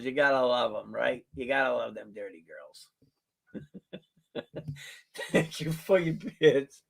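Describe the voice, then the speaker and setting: Gravelly and husky at a mid-range pitch, a man runs a laid-back live coin auction, cracking jokes and laughing as he talks up a coin and takes bids. He's folksy, stretching out his calls slowly and counting down with animation.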